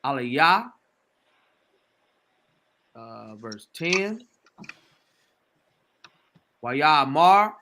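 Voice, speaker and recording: A man slowly reading scripture aloud, sounding out each word syllable by syllable. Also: on the high side, very animated, sharp tone, a little hiss or hum. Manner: halting, sounds out words syllable by syllable. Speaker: reader.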